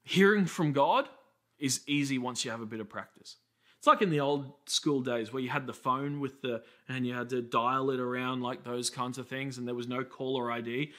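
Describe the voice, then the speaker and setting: This Australian man, a pastor in his thirties, preaches with a chatty storytelling style full of quick asides. His mid-range voice holds a level tone that comes across bright and forceful.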